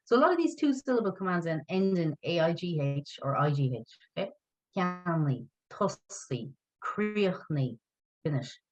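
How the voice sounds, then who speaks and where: A woman's voice: lowish voice, lively intonation, fast, few pauses, muffled recording. A woman teaching an online language lesson, patient and encouraging, spelling words out letter by letter.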